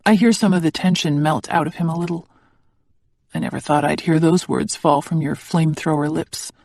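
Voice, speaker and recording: Measured first-person audiobook narrator, mid-pitched voice, close and dry. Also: fairly even intonation, gravelly, a little mellow, no room sound.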